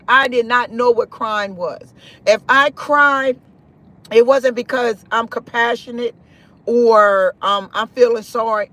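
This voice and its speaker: High-voiced man preaching on a livestream. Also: bright, forceful tone. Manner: emphatic, preachy, repeats phrases. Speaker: live-stream host. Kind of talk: spiritual live-stream talk.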